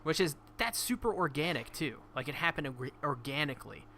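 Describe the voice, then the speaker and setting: A man's voice: a little high, very animated, a little fast, sharp tone, a little hiss or hum. A man speaking as a podcast guest in a casual anime review chat, rambling with lots of fillers. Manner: rambling with many fillers and restarts.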